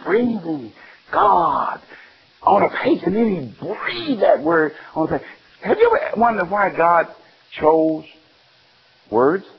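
A man from Alabama, preaching an animated sermon full of questions to his listeners. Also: high-pitched, slow, long pauses. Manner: animated, call-and-response, exclaiming. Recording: dull lo-fi sound.

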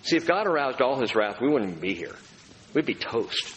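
A man preaching a sermon as a pastor, animated, acting out the voices he quotes. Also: medium pitch, fairly quick. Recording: reverberant hall, faint room ambience.

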